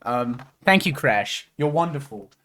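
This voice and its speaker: A man's voice: medium pitch, lively intonation, unhurried, fairly bright tone. Casual swearing man streaming a game. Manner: swears freely, rambling and jokey. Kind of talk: casual gameplay commentary.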